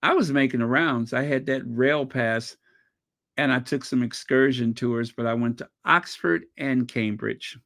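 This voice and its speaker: An American man with an African American accent, chatting casually and rambling excitedly while pausing to recall details. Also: medium pitch, gravelly. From United States. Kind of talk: casual chat.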